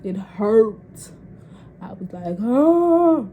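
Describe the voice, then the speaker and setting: A woman's voice: medium pitch, lively intonation, normal speed, phone-quality sound, a little hiss or hum. A young woman telling a personal story in a casual vlog, candid and profane. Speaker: vlogger.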